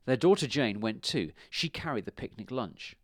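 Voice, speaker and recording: Expressive male storyteller for a kids' tale, animated, dry booth sound. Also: mid-range voice, normal speed, no room sound. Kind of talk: storybook read-aloud.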